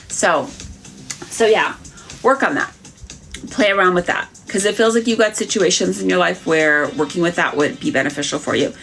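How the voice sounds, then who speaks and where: A woman's voice: lowish voice, expressive, fairly quick, creaky, a bit bright, soft background music. A woman doing psychic readings on a live stream, talking frankly to viewers in a chatty way with many fillers.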